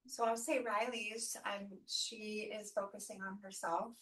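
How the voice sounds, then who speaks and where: A woman's voice: mid-range voice, level tone, measured pace, a bit bright. A woman at a team meeting relaying her partner's answer, hesitant with fillers. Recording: mic far off.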